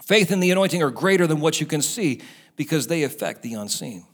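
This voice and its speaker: Male pastor, high voice, preaching, acts out the doubters' and the devil's voices. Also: big pitch swings, brisk. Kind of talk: sermon.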